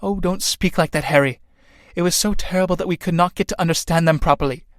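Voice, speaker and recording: Earnest young woman pleading soft and slow, guy reading her in a play reading, kinda high voice, dry sound. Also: dry recording, lightly acted.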